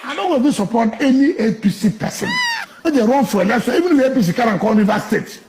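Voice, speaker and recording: A man's voice: very high-pitched, lively intonation, fast, noisy background. A man with a Nigerian Pidgin accent giving emphatic, joking interview answers as a politician.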